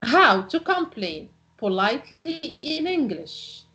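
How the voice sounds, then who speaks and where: A woman gives a recorded English lesson at an unhurried pace. Her voice sits fairly high and rises and falls widely. She reads example phrases with clear emphasis. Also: big pitch swings, sharp tone, lo-fi sound. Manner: slow, careful delivery with example phrases read out. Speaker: English teacher.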